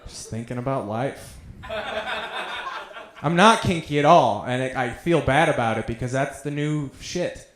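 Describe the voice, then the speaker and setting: A young man at a mid-range pitch works through a stand-up comedy set with profane, self-deprecating tales. His voice rings out in an echoey room. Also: lively intonation, a little slow, heavy background noise.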